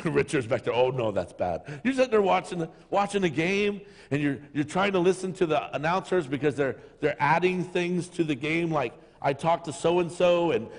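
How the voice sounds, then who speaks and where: A middle-aged man preaching a sermon as pastor, telling jokey stories and acting out voices. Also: on the high side. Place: church sanctuary. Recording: long reverb of a hall.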